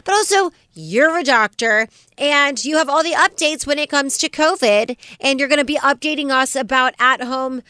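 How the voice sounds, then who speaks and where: A woman's voice: sits high, normal speed, few pauses, sharp tone, dry recording, clean studio sound. A woman co-hosting a morning talk show, chatting with a bubbly, laughing manner and reading news items. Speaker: radio show co-host.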